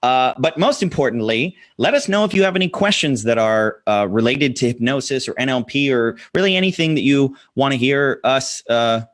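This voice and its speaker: A man co-hosting a podcast, introducing the episode in a relaxed, profane way with fillers. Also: mid-range voice, moderate pace, hardly any pauses. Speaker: podcast co-host.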